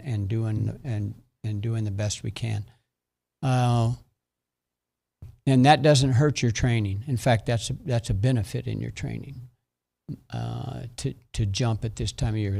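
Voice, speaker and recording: A man's voice: mid-range voice, gravelly, darkish tone. A middle-aged man, a track and field coach, talking in a radio interview, often repeating words as he explains. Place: radio studio.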